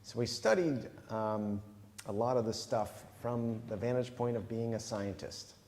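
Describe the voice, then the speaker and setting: Male pastor, easygoing conversational preaching with fillers, mid-pitched, chapel reverb. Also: a little slow. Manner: relaxed, thinking aloud with fillers. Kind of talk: conversational sermon.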